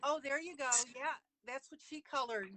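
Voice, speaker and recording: A woman's voice: high-pitched, moderate pace. A woman hosting a live online coloring broadcast, cheering and chatting casually with her viewers. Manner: enthusiastic, cheering, laughs often. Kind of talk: casual live-stream chat. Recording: noisy live-stream audio.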